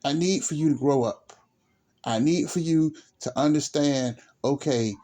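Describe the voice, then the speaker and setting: Male vlogger, mellow low timbre, blunt profane rant delivered to camera. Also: a little slow. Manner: blunt, profane and repetitive, lecturing. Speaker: YouTuber.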